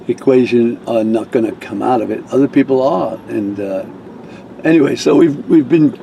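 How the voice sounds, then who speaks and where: Older man, mellow rambling storyteller. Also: mid-range voice, gravelly, a little hiss or hum, low-quality recording. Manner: rambling, chuckling, many restarts. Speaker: reverend. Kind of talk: casual storytelling.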